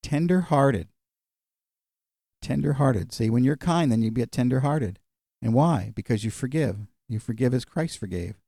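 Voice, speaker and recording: Mellow-voiced male preacher, dry sound. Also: medium pitch, lively intonation, normal speed, vocal fry, dry recording. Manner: conversational storytelling, many fillers. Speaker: pastor. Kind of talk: sermon.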